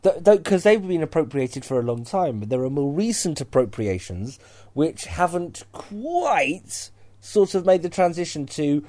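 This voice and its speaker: A man chatting casually as a podcast co-host, animated and exclaiming, jumping up in pitch when excited. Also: unhurried. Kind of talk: casual chat.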